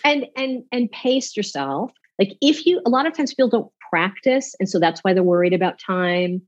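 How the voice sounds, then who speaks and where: A woman speaking as a public speaking coach in an off-the-cuff interview, animated and demonstrating with her voice. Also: medium pitch, normal speed, lo-fi sound.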